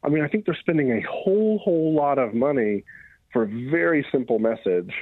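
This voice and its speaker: Husky, halting man on a phone line. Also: medium pitch, lively intonation, no room sound. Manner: halting, many restarts, thoughtful. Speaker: radio guest. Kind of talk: conversational commentary. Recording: muffled phone-line call.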